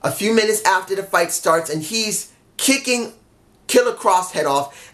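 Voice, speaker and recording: A man's voice: high-pitched, lively intonation, measured pace, fairly bright tone. Rambling, exasperated man reviewing wrestling. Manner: rambling, off-the-cuff, exasperated asides. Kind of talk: casual solo review.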